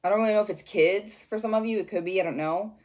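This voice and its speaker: A woman giving a casual tarot reading, rambling and expressive and swearing freely. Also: mid-range voice, fast talker. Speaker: tarot reader.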